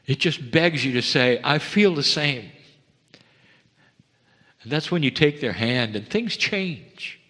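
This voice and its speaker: A man of middle pitch delivers a channeled spiritual talk, slow and earnest with pauses between his phrases. His voice carries a long hall reverb from the lecture room around him. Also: animated, a bit bright.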